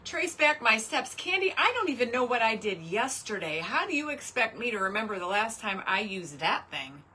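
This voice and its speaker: A woman's voice: on the high side, big pitch swings, moderate pace, background noise. A woman hosting a casual crafting livestream, exasperated and talking to herself and her chat as she works.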